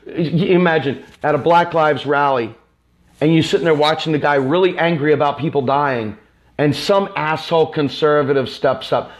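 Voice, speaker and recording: A man's voice: on the high side, moderate pace, dull audio. A man from the United States hosting a live stream. He delivers an impassioned, angry political rant that is repetitive and profane.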